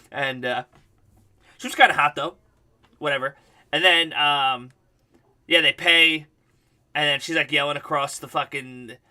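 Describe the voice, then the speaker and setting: A man's voice: on the high side, sharp tone. A male livestream host telling a rambling, profane story in casual chat.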